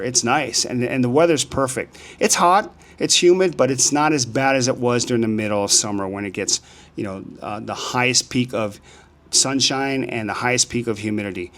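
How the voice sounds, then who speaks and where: A man in his sixties tells stories in a casual vlog, animated and acting out the dialogue. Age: 60s. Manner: animated, acts out dialogue with rising pitch. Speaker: vlogger. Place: outdoors on a sunny street.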